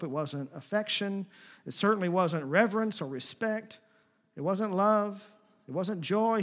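High-voiced man preaching a sermon. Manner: swings between emphatic preaching and soft, hushed asides; paraphrases God's words in a gentle, intimate voice. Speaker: pastor.

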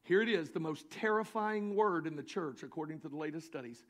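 A pastor with a Southern US accent preaching a sermon to his church, swinging from quiet asides to drawn-out shouted declarations. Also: on the high side. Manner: builds to shouting, drawn-out emphatic lines. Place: church sanctuary.

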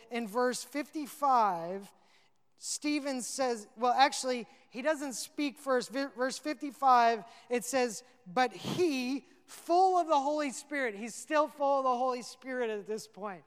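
A man's voice: very high-pitched, a bit bright, clean tone. A male pastor preaching a sermon, earnest and rising to emphatic peaks. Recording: long reverb of a hall.

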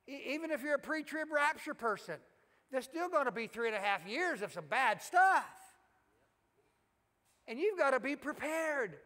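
A Southern pastor delivers a folksy, exhorting sermon in a high, bright voice, full of fillers and restarts. His words ring out with a long reverb from the church hall around him. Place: church sanctuary.

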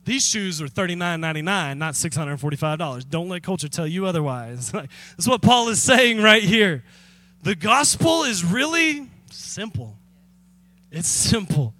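A man preaching as a pastor, telling a story in a lively, conversational way with direct appeals to the congregation. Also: sits high, normal speed. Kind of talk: sermon.

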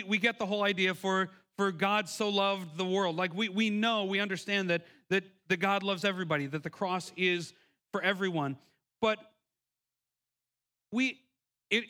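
A man's voice: high voice, pushed and bright. A man in his thirties preaching a sermon, telling a personal story earnestly with many restarts. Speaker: pastor.

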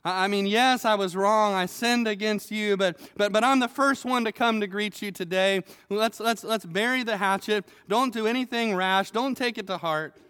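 A preacher putting on a groveling, panicky turncoat. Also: male voice, high voice, normal speed, hardly any pauses, a bit bright, smooth, pitched above the performer's own voice. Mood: wheedling. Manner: frantic, stammering pleading. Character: groveling, panicky male turncoat begging for mercy. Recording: long hall reverb.

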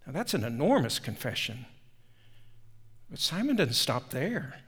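A man preaching a sermon as a pastor, telling the story with emphatic rises and hushed drops. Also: medium pitch, unhurried, breathy edge. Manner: animated storytelling, shifting from loud emphasis to hushed tones.

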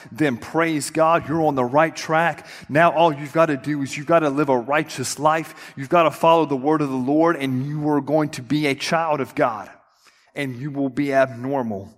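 Young guy pastor preaching, kinda high voice, tells stories and does the voices, long echo in the church. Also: moderate pace. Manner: storytelling, animated, acts out quotes. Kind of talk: sermon. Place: church sanctuary. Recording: long hall reverb.

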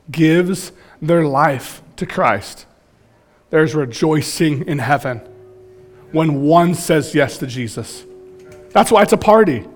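A man in his thirties preaching a sermon, telling stories in an animated, joking way. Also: on the high side. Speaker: pastor.

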